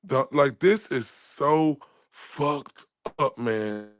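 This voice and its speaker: A man's voice: medium pitch, animated, a little hiss or hum. A man giving blunt, profane reaction commentary on a clip as a streamer. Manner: blunt, profane, drawn-out remarks.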